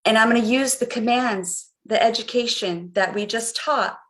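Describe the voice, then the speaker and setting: A woman's voice: fairly high pitch, normal speed. A middle-aged woman coaching viewers on a live stream, guiding them through a visualization in an earnest, repetitive way. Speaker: life coach.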